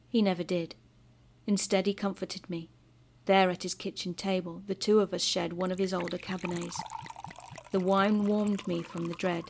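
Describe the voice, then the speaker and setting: A woman reading a scripted first-person horror story in a measured, bitter tone. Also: lowish voice, vocal fry, darkish tone. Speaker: story narrator. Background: music.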